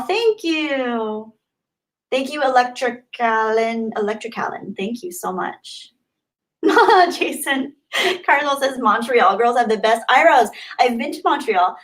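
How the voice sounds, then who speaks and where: Reading viewer comments aloud on her casual livestream, a woman chats and laughs from her home in Southern California. She speaks at a moderate pace with a voice on the high side.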